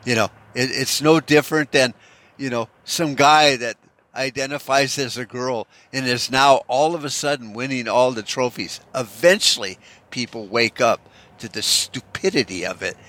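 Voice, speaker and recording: A man rants off the cuff in a bright, forceful voice, swearing freely and doubling back on his words. His delivery is sarcastic and rambling, at an everyday pitch. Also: normal speed. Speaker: commentator. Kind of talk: unscripted ranting commentary.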